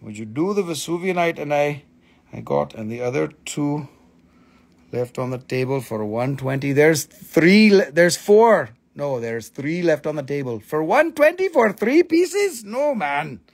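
A man hosting a live crystal sale, excitable and casual, swearing freely in broken grammar. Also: on the high side, measured pace. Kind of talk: casual live-stream selling.

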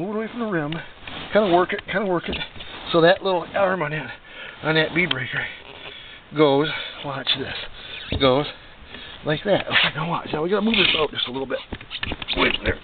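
Folksy DIY guy, mid-pitched, rambling how-to chatter; tinny phone-like sound, mic far off. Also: expressive, brisk, long pauses, very noisy. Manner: folksy, rambling, joking asides. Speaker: DIY motorcycle repair vlogger. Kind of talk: casual how-to demonstration.

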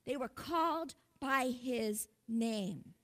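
High, bright-voiced woman preaching slowly. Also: lively intonation. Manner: earnest, calls out to the congregation. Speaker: pastor. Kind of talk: sermon.

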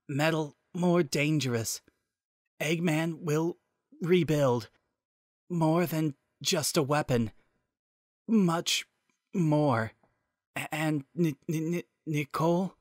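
A man's voice: a little high, a bit bright, no room sound, clean studio sound, pitched above the performer's own voice. A man voicing a damaged male robot agent who stutters and breaks off mid-word, as if his signal keeps failing. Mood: strained, broken. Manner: halting, glitching stutter.

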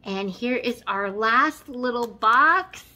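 A woman's voice: fairly high pitch, animated, slow, sharp tone. A woman vlogger chatting casually while unboxing, gushing and exclaiming over everything. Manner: gushing, effusive, exclaims often.

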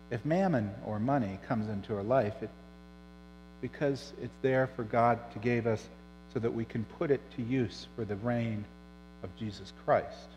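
A middle-aged man preaching a sermon as pastor, telling stories and dropping soft and low on serious points. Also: in a large hall, rough recording. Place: church.

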